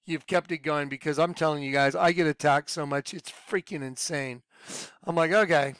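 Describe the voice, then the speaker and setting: A man giving an informal, rambling video sermon to his followers, excitable and laughing at his own points. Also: on the high side, normal speed, smooth, no echo. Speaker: online preacher.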